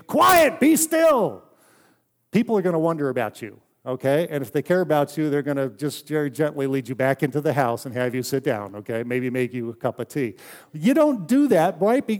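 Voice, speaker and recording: A man preaching a sermon in a conversational, story-telling way, often dropping to a soft hush for emphasis. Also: medium pitch. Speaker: pastor.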